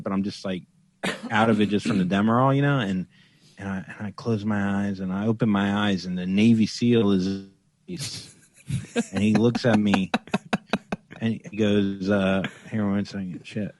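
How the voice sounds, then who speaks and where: A man's voice: on the low side, no echo. A man as a podcast guest, telling a funny anecdote in casual chat and acting out the voices in it. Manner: animated, acts out voices in anecdotes. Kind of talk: casual comedic storytelling.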